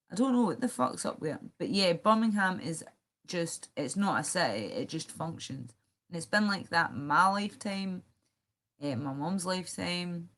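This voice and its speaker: A woman's voice: lowish voice, a bit bright. A Scottish woman rambling and swearing on a live stream, chatting directly to her viewers. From Scotland.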